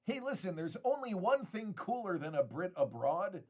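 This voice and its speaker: This host of a card-collecting live stream, from the United States, rambles and jokes at a normal speed, laughing a lot and stammering through restarts. His pitch runs slightly high and swings widely, and the recording sounds a bit dull and lo-fi.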